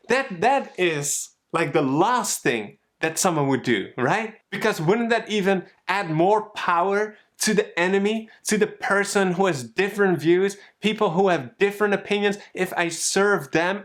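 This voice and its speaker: A man giving a conversational sermon, retelling a story in a lively, storytelling way. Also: high-pitched, normal speed. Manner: storytelling, animated, conversational preaching. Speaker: pastor.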